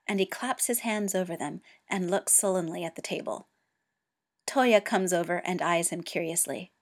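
A woman reading fan fiction aloud in an even, steady storytelling voice. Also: lowish voice, moderate pace. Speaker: reader.

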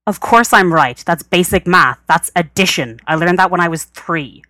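Casting: woman voicing a low, indignant genius scientist, dry close sound. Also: moderate pace, bright, forceful tone, dry recording. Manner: indignant, complaining. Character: prickly know-it-all male scientist.

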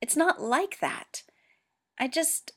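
A woman's voice: high voice, very animated, slow pace, fairly bright tone, voice pushed up, full character voice. A woman reading a story aloud and voicing a flustered, defensive teenage boy Go player who talks in raised, indignant bursts. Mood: sullen. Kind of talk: amateur audiobook reading.

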